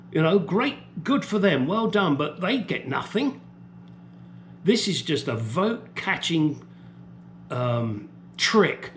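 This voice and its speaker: Guy ranting, swears a lot, kinda high voice, faint noise behind. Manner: angry, profane ranting. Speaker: vlogger. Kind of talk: opinion rant monologue.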